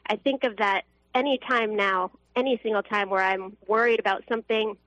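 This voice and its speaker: A woman's voice: mid-range voice, steady tone, normal speed, fairly bright tone. A young woman calling in to a radio show, telling a personal faith story earnestly, with fillers and restarts. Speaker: caller. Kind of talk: emotional personal testimony. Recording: dull phone line, dry.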